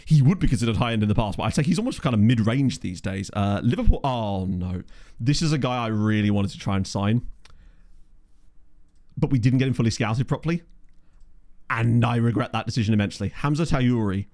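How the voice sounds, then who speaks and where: Man musing through a game, lively pitch. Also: brisk. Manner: chatty, musing aloud, reacting to live chat. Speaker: let's play host. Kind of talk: casual gameplay commentary. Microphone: USB condenser mic.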